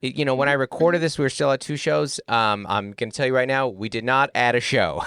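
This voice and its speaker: A middle-aged man co-hosting a podcast, joking and bantering in a lively, quick way. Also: mid-range voice, smooth, dry recording, studio quality. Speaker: podcast co-host and comedian. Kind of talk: casual chat.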